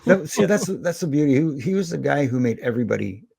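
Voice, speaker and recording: A middle-aged man, a former wrestling referee, telling lively anecdotes as a podcast guest and slipping into the voices of the people in them. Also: mid-range voice, fast talker, creaky, slightly rough, no echo. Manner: animated anecdotes with quoted voices. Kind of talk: storytelling in a podcast interview.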